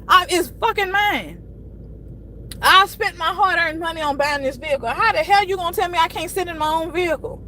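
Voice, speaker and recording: A woman's voice: very high-pitched, a little fast, sharp tone, a little hiss or hum, low-quality recording. A woman, venting in a casual live-stream rant, frustrated and cursing often. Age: 30s.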